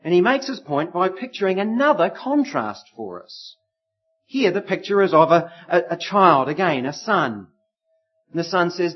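A middle-aged man preaching a sermon, telling stories with lively acted voices. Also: a little high, normal speed, soft background music. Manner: animated storytelling with acted voices. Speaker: pastor. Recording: slightly muffled lo-fi recording.

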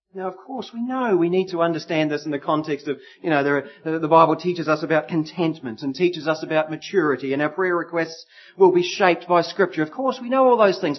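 A middle-aged man preaching a sermon, telling stories with lively acted voices. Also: a little high. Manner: animated storytelling with acted voices. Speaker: pastor. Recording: slightly muffled lo-fi recording.

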